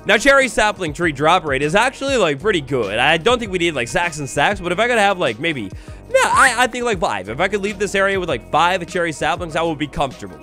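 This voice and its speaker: A man's voice: a little high, sharp tone. A man hosting a game let's play, giving upbeat, jokey commentary with bursts of theatrical mock outrage. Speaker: Minecraft let's play host.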